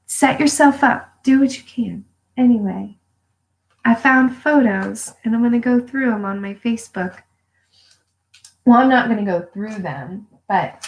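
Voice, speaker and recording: A woman chatting on a live home video, telling personal stories and giving pep talks. She talks in a blunt, profane, animated way and laughs often. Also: fairly high pitch, creaky, poor audio. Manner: emphatic pep-talk delivery. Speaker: vlogger. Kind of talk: casual live-stream storytelling. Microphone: phone or webcam for a live video.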